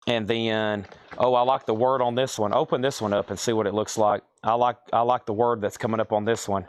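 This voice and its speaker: A man's voice: medium pitch, dry recording. A man hosting a live online sale, calling out prices and buyers' names and thinking aloud as he sorts items indoors. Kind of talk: live auction selling.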